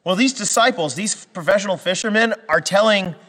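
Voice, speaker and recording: A man's voice: sits high, brisk, fairly bright tone, long reverb tail. A man from western Canada preaching a sermon in a conversational way, with restarts and fillers that build to emphatic peaks. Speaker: pastor.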